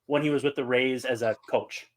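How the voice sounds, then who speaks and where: A man's voice: mid-range voice, fairly quick. A man, co-hosting a casual chat and telling stories that act out quotes. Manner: animated storyteller, acts out quotes. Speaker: podcast co-host.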